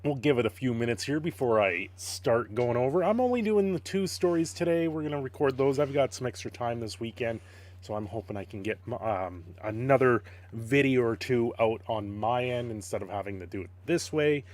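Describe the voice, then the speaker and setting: A man's voice: mid-range voice, lively intonation, fairly quick, a little mellow. A man casually chatting on a live stream, greeting viewers and playing with his dog, laughing often. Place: home.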